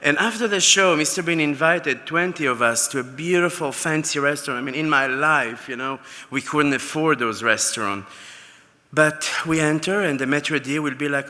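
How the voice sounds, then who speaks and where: A man gives an acceptance speech, spinning anecdotes with fillers and stumbling restarts. His voice sits fairly high and very bright, almost piercing. It rings with the long reverb of a large banquet hall. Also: moderate pace. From Israel. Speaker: award recipient.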